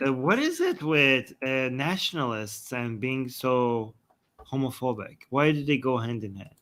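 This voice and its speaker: A man co-hosting a casual livestream, relaxed, his words often trailing off softly. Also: mid-range voice, a little slow. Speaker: co-host.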